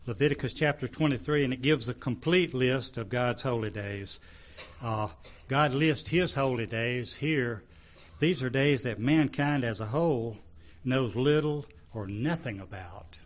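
A man preaching a sermon to his congregation, halting and full of restarts, rising loud when he reads scripture and dropping low between. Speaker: pastor.

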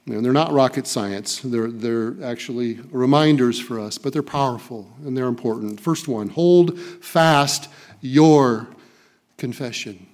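A man's voice: medium pitch, moderate pace, few pauses, darkish tone. A man preaching a sermon, reading scripture and stressing key phrases by repeating them. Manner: emphatic, repeats key phrases, occasional restarts.

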